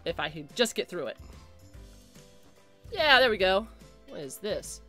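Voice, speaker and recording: Over faint background music, a woman with a mid-range, sharp-toned voice gives live commentary on her gameplay. She is very animated yet speaks a little slowly, chattering, reacting, hurrying through repeated phrases, and shrieking when something goes badly.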